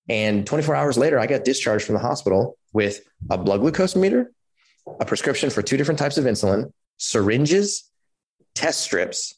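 A man in his forties from California, telling his personal story as a podcast guest in an animated way, acting out quotes and using lots of fillers. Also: fairly low pitch. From California, USA. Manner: animated storyteller who acts out quotes, many "like" and "you know" fillers.

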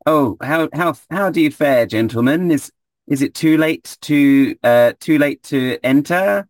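A man's voice: a little high, unhurried, no echo, pitched above the performer's own voice, natural voice. A man voicing a sly male adventurer who plays at polite innocence, talking in a mock-genteel, faltering way.

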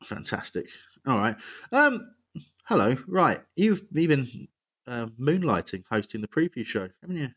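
Man, podcast host, casual chat, joking and rambling, very animated voice. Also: mid-range voice, measured pace, husky. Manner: jokey, rambling, self-deprecating.

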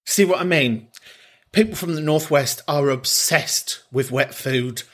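A man hosting a comic podcast, talking in a theatrical, teasing way with sudden loud outbursts. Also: a little high, a little slow. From Ireland. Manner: theatrical, teasing, bursts into shouts. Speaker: podcast host.

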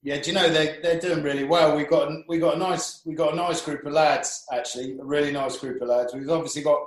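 Sailor with a roomy echo. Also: male voice, a little high, steady tone, fairly quick. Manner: rambling, anecdotal, with frequent restarts. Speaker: professional sailor guest. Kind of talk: casual podcast chat.

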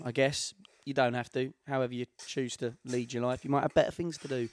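A man's voice: mid-range voice, level tone, fairly quick, few pauses. A man co-hosting a podcast, chatting casually and joking with his guest. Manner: jokey, banters and teases. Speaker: podcast co-host. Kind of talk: casual chat.

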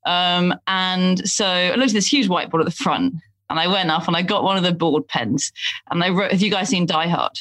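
Lower-pitched woman telling a story. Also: fairly quick. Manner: animated storyteller, self-deprecating. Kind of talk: casual anecdote.

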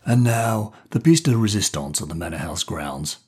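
A man voicing a pompous older male colonel who speaks in a lordly, drawn-out way, with a husky voice. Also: fairly low pitch, lively intonation, darkish tone, a little hiss or hum, natural voice. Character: old male country colonel, pompous, fond of chuckling.

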